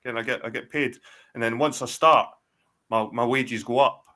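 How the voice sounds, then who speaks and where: A Scottish man in his forties talks in a middle-pitched voice, swearing freely as he winds through a long, loose story. He trips over himself and restarts often. He sounds like he is on a video call. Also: fairly even intonation, normal speed, sharp tone. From Scotland. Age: 40s. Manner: rambling, profane storytelling with many restarts. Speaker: guest. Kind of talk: casual chat.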